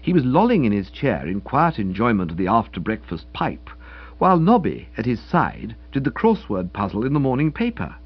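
Husky, wry comic audiobook narrator, male. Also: medium pitch, normal speed, highs cut off. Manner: wry, mock-dignified, lively storytelling.

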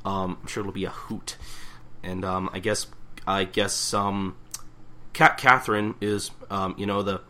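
A man's voice: low-pitched, flat delivery, unhurried, bright, forceful tone. A man co-hosting a podcast, recapping a manga chapter in casual, rambling chat full of fillers and restarts. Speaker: podcast co-host.

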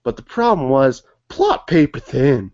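A laid-back man co-hosting a loose movie review chat and keeping it on track. His voice is gravelly, and the audio sounds dull and lo-fi. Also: medium pitch, sing-song, unhurried, darkish tone. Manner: laid-back, steers the show along. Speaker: podcast co-host.

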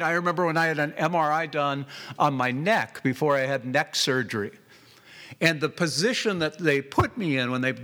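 A man preaching a sermon as pastor, emphatic and deliberate, repeating phrases for weight. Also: fairly high pitch, pushed and bright. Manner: slow and deliberate, drawn-out phrases.

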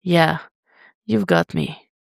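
A needy young man who whimpers and pleads in a soft voice, as the reader puts him on. His voice is pitched higher and grainy. Delivery is slow and close. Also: gravelly, no room sound, heavily acted. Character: needy, soft-spoken young male lover.

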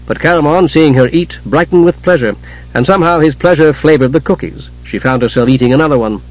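A man narrating an audiobook in a steady storytelling manner, husky-voiced. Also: a little high, a little fast, dull audio. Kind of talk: scripted narration.

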